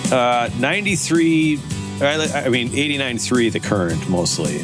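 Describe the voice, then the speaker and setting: A man's voice: mid-range voice, expressive, normal speed, loud music behind the voice. A man co-hosting a podcast, giving loose, offhand recommendations in casual chat. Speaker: podcast co-host.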